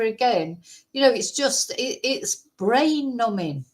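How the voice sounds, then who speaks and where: A woman's voice: a little high, expressive, slow pace. A middle-aged woman from England, casually reacting to a video in rambling, exasperated commentary full of fillers.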